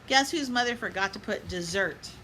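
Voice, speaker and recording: A woman reads a children's picture book aloud in a bright, clear voice, pausing now and then to give small life lessons to children and parents. She asks her young listeners to chant along with her. A faint hiss sits under her voice. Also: medium pitch, animated, low-quality recording. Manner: pauses to add gentle life lessons for kids and moms. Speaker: storybook reader.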